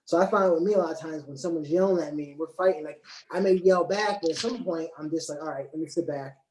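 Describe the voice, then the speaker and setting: A man talking calmly and deliberately in a casual discussion, often repeating words as he works out his point. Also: fairly high pitch, slight background noise. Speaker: panel guest. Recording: echoey room.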